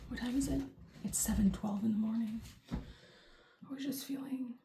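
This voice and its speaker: A mellow, warm-toned woman talking through a tarot reading in a loose, rambling way, often padding with "like" and "um". The room gives her voice a roomy echo, with a faint hiss behind it. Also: a little high, steady tone, normal speed, gravelly. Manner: rambling, chatty, full of "like" and "um". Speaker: tarot reader. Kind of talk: casual tarot reading to camera.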